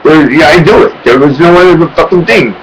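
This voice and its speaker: A man's voice: fairly high pitch, fairly quick, a crowd in the background, poor audio. A man telling a personal story to his webcam in a rambling, urgent way, swearing often and repeating himself. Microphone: webcam microphone.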